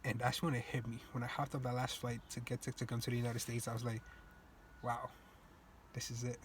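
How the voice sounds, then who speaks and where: Young man from Cape Verde, reflective storyteller, relaxed casual phrasing, faint noise underneath. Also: medium pitch, quick pace. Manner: reflective, earnest, loose casual grammar. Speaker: student speaker. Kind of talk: personal storytelling speech.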